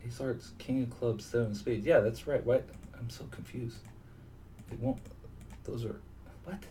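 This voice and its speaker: Speaking at a measured pace in a medium-pitched voice, a man talks through his own online poker session live. He thinks aloud and mutters to himself at the computer, heard from a distant mic against constant background noise.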